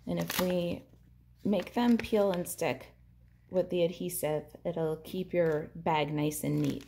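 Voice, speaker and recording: In a crafting tutorial, a woman demonstrates a papercraft project, narrating each hands-on step in an upbeat, chatty way. Her voice is fairly low and darkish with vocal fry, and there's slight background noise.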